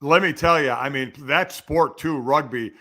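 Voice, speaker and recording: A man's voice: fairly high pitch, moderate pace, bright, forceful tone. A middle-aged man calling in as a guest sports broadcaster, easygoing and chummy in casual chat.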